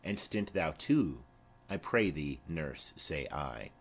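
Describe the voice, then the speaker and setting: A man's voice: a bass voice, expressive, slow, husky, voice pushed down, exaggerated voice. A man reading the part of a dutiful teenage girl giving short, polite replies in an audiobook of a play. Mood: demure.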